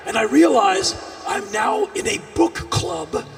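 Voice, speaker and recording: A man performing a live storytelling monologue on a festival stage, animated, with bursts of shouting. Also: very high voice, slow, gravelly, some chatter behind, slight background noise. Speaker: spoken-word performer. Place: large outdoor festival stage. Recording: echoey stage sound from a distance.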